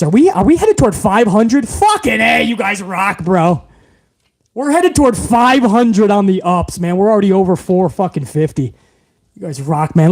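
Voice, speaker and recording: A man's voice: high voice, a little mellow. A man hosting a wrestling livestream, thanking viewers in a hyped, profane, rambling way. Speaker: host.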